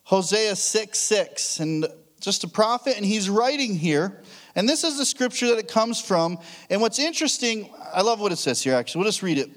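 A man's voice: sits high, sing-song, brisk, a bit bright. A man preaching a sermon as a pastor, telling stories in a casual way with frequent restarts. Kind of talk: conversational sermon.

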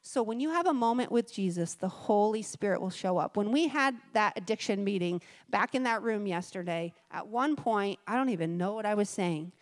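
A woman's voice: medium pitch, animated, moderate pace, hardly any pauses. A woman preaching a sermon in a church, telling stories in an emphatic, off-the-cuff way. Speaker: guest preacher.

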